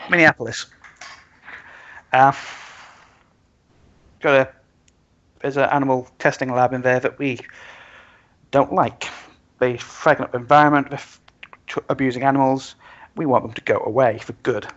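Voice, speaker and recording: A man's voice: medium pitch, fairly even intonation, moderate pace, long pauses, fairly bright tone, highs cut off, lightly acted. A man voicing a bitter, grudging woman fixer. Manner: grudging, blunt.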